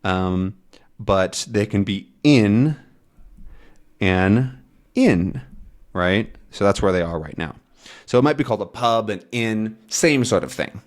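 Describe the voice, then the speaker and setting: Male English teacher walking learners through a comic: slow, clear, lively pitch, keeps asking "right?". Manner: slow, clear explaining with frequent "right?" checks.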